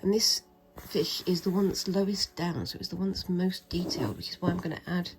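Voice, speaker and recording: A woman's voice: on the low side, fairly quick, slight background noise, poor audio. A woman chatting casually and rambling a little as she stitches a craft project, with a self-mocking humour. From Britain. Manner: rambling, self-mocking, soft-spoken at times. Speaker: craft vlogger. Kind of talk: casual chat while stitching.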